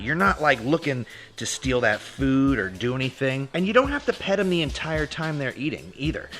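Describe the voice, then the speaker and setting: A man's voice: medium pitch, pushed and bright. Playful young man teaching dog care. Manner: playful and jokey, calls viewers bro and dude. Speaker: dog trainer and video host. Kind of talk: casual instructional vlog. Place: home with his dogs.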